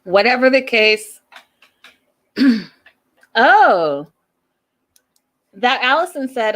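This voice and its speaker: A woman's voice: a little high, big pitch swings, very slow, long pauses, a bit bright. A woman hosting a casual show recap, chatty and opinionated, who acts out the people she quotes in a raised voice. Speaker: host recapping a reality show.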